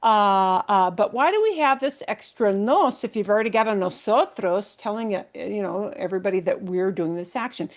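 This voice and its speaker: A woman's voice: medium pitch, animated, moderate pace, few pauses. A woman Spanish teacher explaining grammar to her class patiently, step by step, with everyday examples.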